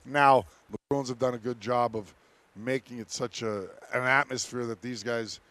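A former hockey player on a sports talk panel, telling locker-room stories in a lively, animated way and laughing often. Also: male voice, mid-range voice, moderate pace, dry recording.

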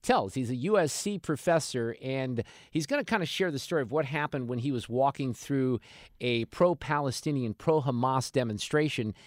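A man's voice: mid-range voice, expressive, moderate pace, no room sound, clean studio sound. A man hosting a talk radio show, giving opinionated commentary in a sarcastic, mocking way.

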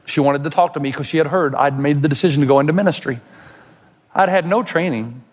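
A man preaching a sermon as pastor, dramatic, rising to loud high outbursts and dropping to slow hushed passages. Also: husky, in a large hall.

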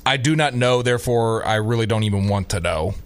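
A man co-hosting a sports talk radio show, teasing his partner in a dry, deadpan way. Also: fairly low pitch, fairly quick.

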